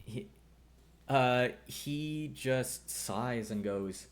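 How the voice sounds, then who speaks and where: A man's voice: mid-range voice, extremely slow. A man narrating as game master in a tabletop game, matter-of-fact.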